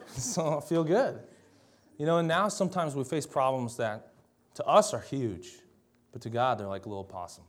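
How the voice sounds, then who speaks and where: A young man from Minnesota giving a sermon, telling a childhood story in a relaxed, conversational way and often asking "right?". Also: medium pitch, normal speed, pauses often. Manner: conversational storytelling, tag questions and laughter. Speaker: pastor.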